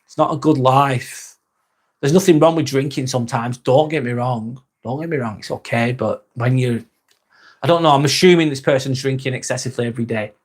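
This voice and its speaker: A man's voice: mid-range voice, fairly quick. Chatty man in his forties, streaming live. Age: 40s. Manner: chatty, swears casually, reads viewer comments aloud. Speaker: livestream host. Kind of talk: casual live chat reading comments.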